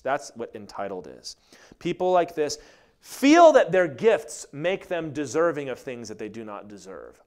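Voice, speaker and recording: A man preaching a sermon as pastor, animated and acting out the people he quotes. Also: medium pitch, normal speed. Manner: animated, acts out quoted voices.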